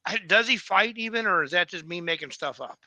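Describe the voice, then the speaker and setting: A man's voice: sits high, lively intonation, a little fast, sharp tone, dry recording. A man co-hosting a podcast in casual chat, easygoing and asking questions. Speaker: podcast co-host.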